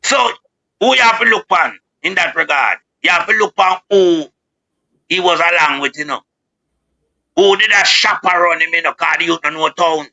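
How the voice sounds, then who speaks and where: Jamaican male guest, sharp bright voice, preachy and heated, on dull lo-fi call audio. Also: on the high side, moderate pace, creaky. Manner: fiery, preachy, rising to shouts. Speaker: guest speaker on a live show. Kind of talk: impassioned political commentary.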